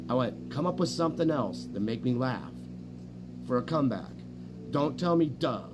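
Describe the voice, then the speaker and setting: A man's voice: medium pitch, expressive, fairly quick. A man streaming a casual, rambling chat, swearing often and bragging as he jumps from story to story. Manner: profane, boastful, jumps between stories. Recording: noisy room with hum.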